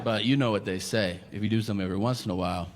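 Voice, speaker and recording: A man doing stand-up comedy on a stage with a handheld mic, telling a story deadpan and adding wry, self-mocking asides. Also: lowish voice, rapid-fire, heavy background noise. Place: comedy stage before a live audience. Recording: long hall reverb with clear room ambience.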